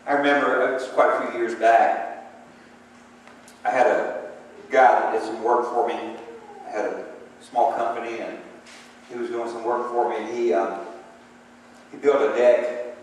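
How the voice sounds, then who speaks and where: A man's voice: medium pitch, fairly even intonation, measured pace, pauses often, a little hiss or hum. A man preaching a sermon, moving between emphatic calls for response and conversational storytelling. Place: church sanctuary. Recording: echoey hall from far off.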